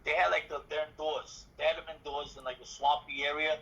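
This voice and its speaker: A man being interviewed, telling a story in a casual, animated way, acting out dialogue and swearing freely. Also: a little high, brisk, vocal fry, husky. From New York City. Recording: dull lo-fi recording.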